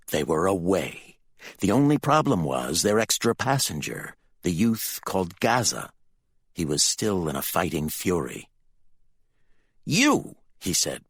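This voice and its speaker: A man narrating a fantasy audiobook with expressive, dramatic storytelling. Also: low-pitched, slightly rough, no echo.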